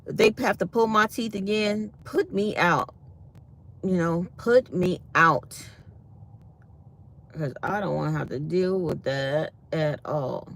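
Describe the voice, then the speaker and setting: A woman's voice: fairly low pitch, measured pace, creaky, hardly any pauses. Fields: Sex: woman. Role: vlogger. Style: chatty casual storytelling to viewers. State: sore mouth after dental work. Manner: chatty storytelling, speaks her mind.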